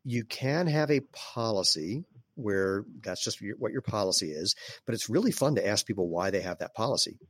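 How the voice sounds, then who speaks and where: A man speaking as an interview guest, explaining in a relaxed way with fillers and some throat clearing. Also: on the low side, normal speed, dry recording. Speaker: guest, barefoot sandal maker. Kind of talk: casual conversational interview.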